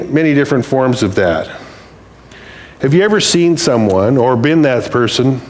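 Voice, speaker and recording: A man's voice: medium pitch, a little mellow. An older man giving a sermon in a church, speaking plainly and conversationally as he tells stories. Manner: storytelling, conversational, plain-spoken. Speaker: preacher.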